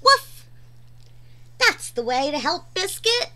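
A woman reading a children's picture book aloud in a gentle, sing-song way, chatting to her dog between pages. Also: sits high, very animated, unhurried. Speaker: storyteller.

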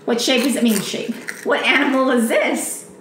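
A woman patiently teaching her toddler at home, repeating simple questions and giving warm praise. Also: a little high, steady tone, normal speed, slight background noise. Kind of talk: homeschool teaching, one-on-one with a child. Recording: roomy room sound with music behind.

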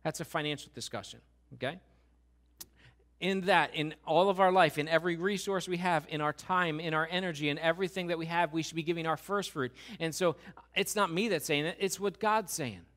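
Bright-voiced, lively preaching man. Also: fairly high pitch. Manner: conversational and animated, with quick asides and repeated restarts; acts out what God and others say. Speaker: pastor. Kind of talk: sermon.

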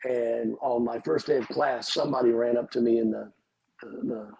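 Man, late 50s, pastor, gravelly, husky, storytelling testimony. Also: medium pitch, steady tone, moderate pace, a little mellow, poor audio. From Georgia, USA. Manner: vivid storyteller who acts out dialogue. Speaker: pastor, guest.

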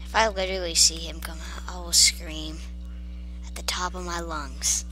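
A woman's voice: lowish voice, flat delivery, normal speed, a little hiss or hum. A woman giving casual gameplay commentary, talking playfully to the creatures on screen. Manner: talks to game creatures in a hushed, playful way.

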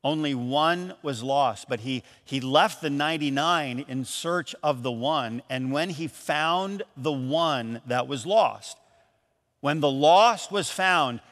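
A man from Michigan preaching a sermon as pastor, telling a story in a lively, animated way and acting out the voices in it. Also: fairly high pitch, takes it slowly, big-room sound. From Michigan, USA. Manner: storytelling, animated, acts out calls and quotes. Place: church.

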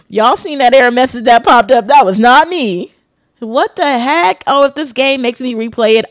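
A woman streamer giving loud, profane, laughing commentary as she plays a video game. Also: mid-range voice, no echo. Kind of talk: casual gameplay commentary. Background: game music.

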